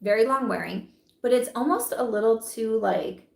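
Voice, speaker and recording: A woman's voice: on the high side, moderate pace, vocal fry, roomy sound. A woman vlogger reviewing beauty products in casual, chatty talk, giggling often and saying "like" a lot.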